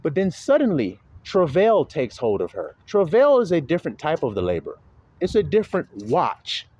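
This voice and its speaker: A man preaching an informal sermon to his followers, talking in slang and laughing often as he swings between soft and loud. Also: a little high, huge pitch swings, normal speed.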